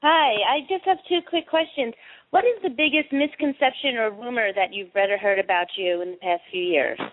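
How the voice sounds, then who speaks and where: A woman caller from Texas asks her questions politely and eagerly. Her voice is high and bright. It comes through a tinny phone line. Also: brisk. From Houston, Texas.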